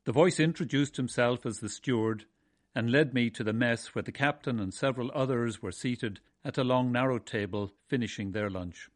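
A man from Ireland, narrating a memoir of his seafaring days in a measured, wry way. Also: mid-range voice, dry recording. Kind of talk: first-person storytelling.

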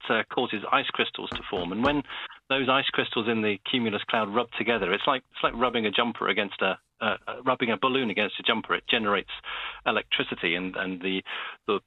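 Halting male professor, low voice. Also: no room sound, phone-quality sound. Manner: halting, many restarts, explanatory. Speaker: meteorology professor guest. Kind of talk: radio interview explanation.

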